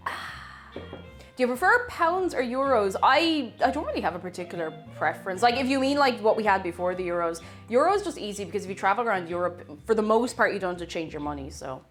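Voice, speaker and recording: A woman's voice: mid-range voice, expressive, brisk. A young Irish woman chatting casually with viewers, reading chat aloud and thanking them as she bakes. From Ireland. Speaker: streamer. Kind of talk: casual live-stream chat while baking. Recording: faint music behind the voice. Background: faint background music.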